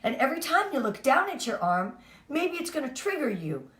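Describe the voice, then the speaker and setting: Heard from a distance in a roomy recording, this direct sales team leader delivers a chatty, upbeat motivational training talk. Her high voice is sing-song, fairly quick, and a bit bright.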